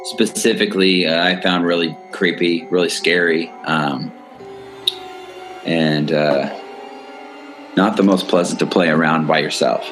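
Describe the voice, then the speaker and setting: Coughing low-voiced young man with music. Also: steady tone, a little slow, pauses often. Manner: rambling, frequent fillers and restarts. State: has a cough. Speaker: co-host. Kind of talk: casual podcast chat. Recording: loud music playing behind.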